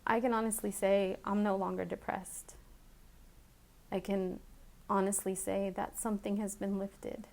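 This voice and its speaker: A woman recording a heartfelt personal video message, speaking in an emotional, halting way with many restarts, and she has children. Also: mid-range voice, flat delivery, creaky, a little mellow. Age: adult with children. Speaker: vlogger.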